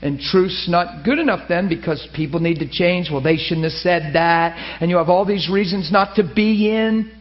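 High-voiced man preaching, lo-fi. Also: moderate pace, hardly any pauses. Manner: animated storytelling, laughing, high excited asides. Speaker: pastor. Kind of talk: sermon.

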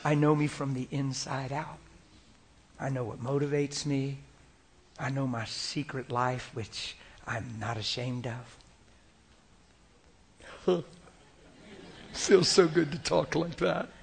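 A man preaching a sermon in an animated way, moving between loud acted quotes and hushed, whispered asides. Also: mid-range voice, slow pace, gravelly, long pauses, breathy edge.

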